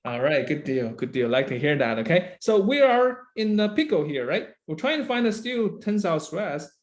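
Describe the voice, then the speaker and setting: Lively male lecturer checking in often. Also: fairly high pitch, moderate pace. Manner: constantly checks in with the class with "right?" and "okay?"; calls on students by name and praises answers. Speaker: university lecturer. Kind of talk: interactive engineering lecture.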